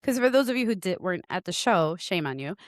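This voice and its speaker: A woman co-hosting a podcast, telling a story in a lively way, acting out the voices and laughing often. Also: fairly low pitch, fast talker, no echo, studio quality. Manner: animated, acts out voices in her stories, laughs often. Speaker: podcast co-host. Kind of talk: casual storytelling chat.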